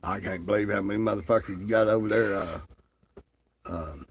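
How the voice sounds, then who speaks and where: A man's voice: fairly low pitch, moderate pace, a little hiss or hum. A man ranting in crude, profane, mocking commentary, drawling with lots of fillers. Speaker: online commentator.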